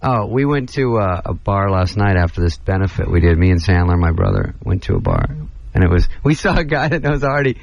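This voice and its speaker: A man chatting casually as a guest on a radio show, telling wry stories and slipping into quick mimicry of the people in them. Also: deep voice, expressive, vocal fry, a little mellow, lo-fi sound. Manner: wry storyteller, mimicking other people mid-story. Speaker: celebrity guest.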